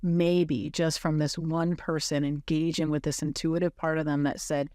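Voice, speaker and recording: A woman on a podcast telling a moving personal story in an earnest, halting way, with many fillers and restarts. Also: sits low, flat delivery, darkish tone, no echo, studio quality.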